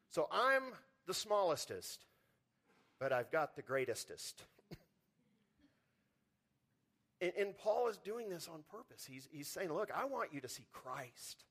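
Male pastor, sermon delivery, slightly high voice, lively swings from loud to hushed, repeats words at starts. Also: slow pace, pauses often, breathy edge. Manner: animated preaching, swings from loud emphasis to quiet low lines.

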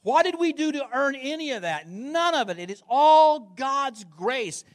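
A man's voice: very high-pitched, big pitch swings, a little slow. A man preaching a sermon as pastor, emphatic, repeating words and putting questions to the congregation.

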